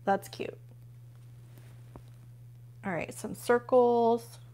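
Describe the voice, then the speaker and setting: A chatty woman hosts a relaxed live stream from home. Her voice sits a little high, and she gushes over each new find while chatting with her viewers. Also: extremely slow. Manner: gushing, chatty, talks to viewers while flipping pages. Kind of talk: casual live unboxing chat.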